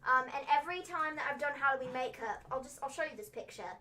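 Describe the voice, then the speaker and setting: A woman's voice: sits high, expressive, quick pace, sharp tone. A young woman hosting a wrestling recap livestream, chatting casually and teasingly, with frequent "um" and "like".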